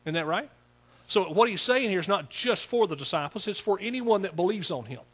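A man's voice: sits high, lively intonation, a little fast, slightly rough. A pastor preaching a sermon to a small congregation in a conversational way, repeating words and asking his listeners questions.

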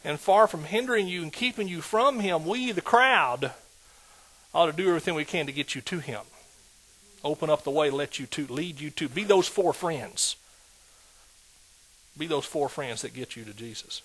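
Husky, emphatic preacher. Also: male voice, fairly high pitch, normal speed, low-quality recording. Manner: emphatic, rising to loud exhortation. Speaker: pastor. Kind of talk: sermon.

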